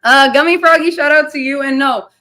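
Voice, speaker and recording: Bright-voiced woman hosting a livestream. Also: sits high, fairly even intonation, brisk. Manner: rambling, loose and profane, reading chat shout-outs. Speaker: livestream host. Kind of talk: casual livestream chat.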